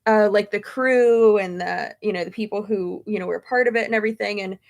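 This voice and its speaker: A woman's voice: mid-range voice, a little fast, gravelly. A young woman chatting casually, answering viewer questions with lots of fillers and tangents. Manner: chatty, rambling with many fillers. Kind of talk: casual chat.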